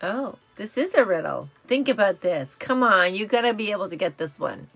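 A woman hosting a casual live stream, chatty and self-correcting, telling corny jokes and riddles, her voice slightly raspy from talking all day. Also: medium pitch, animated, normal speed, fairly bright tone, no echo, faint music behind. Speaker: live show host.

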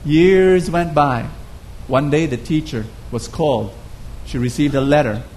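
A man's voice: a little high, measured pace, darkish tone, slight background noise. A man preaching a sermon, telling a story earnestly and often repeating words as he goes.

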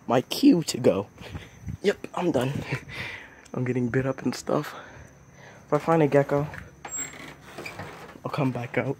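A man's voice: mid-range voice, steady tone, unhurried, long pauses, a little mellow, slight background noise. A young man vlogging outdoors at night on a phone, narrating casually and exclaiming in squeamish alarm about bugs. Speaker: nature vlogger.

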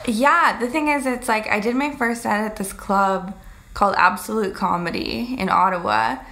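A woman's voice: medium pitch, normal speed, gravelly, bright, forceful tone. A young woman from Canada with a Canadian accent, a stand-up comedian chatting as a guest, self-deprecating and full of "like". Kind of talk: casual interview chat.

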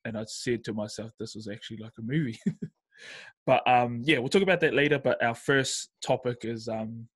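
A man's voice: medium pitch, moderate pace, fairly bright tone, slightly rough. A man with a New Zealand accent hosting a podcast, laid-back and asking his guest questions casually. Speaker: podcast host. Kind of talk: casual chat.

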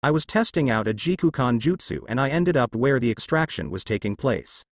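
A mysterious cloaked ninja with a lazy, amused drawl, read out by a man. His lively voice rises and falls with dry humor, recorded close and dry with no room sound. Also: mid-range voice, fairly quick, no echo, lightly acted.

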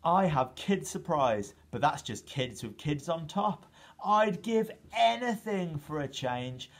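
A man's voice: high-pitched, exaggerated voice. A man voicing a hungry, lonely male giant who roars and grumbles in a children's story. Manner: roaring, grumbling.

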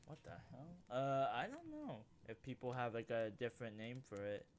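Lively, easygoing young man. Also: mid-range voice, normal speed, slight background noise. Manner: hesitant, easygoing replies. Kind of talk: casual chat.

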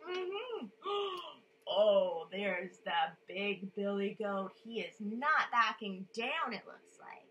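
A woman's voice: mid-range voice, very animated, slow, fairly bright tone, highs cut off. A woman reading a children's story aloud, playful and coaxing a young listener to join in with sounds.

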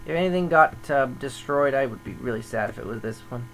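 A man's voice: medium pitch, animated, fairly quick, a little hiss or hum, low-quality recording. A man talking casually over gameplay as a server admin, grumbling and thinking aloud as he goes.

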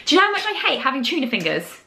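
A woman's voice: high voice, wildly swooping pitch, rapid-fire, vocal fry, pushed and bright. A young woman chatting and joking playfully at home on a vlog. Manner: playful and jokey. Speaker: vlogger. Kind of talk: casual vlog chat.

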